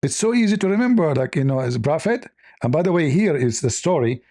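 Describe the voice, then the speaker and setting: Sarcastic guy ranting commentary, gravelly, dry close sound. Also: on the high side, sing-song, quick pace, warm tone, dry recording. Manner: sarcastic, laughing, non-native phrasing. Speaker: online religion critic. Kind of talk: mocking commentary.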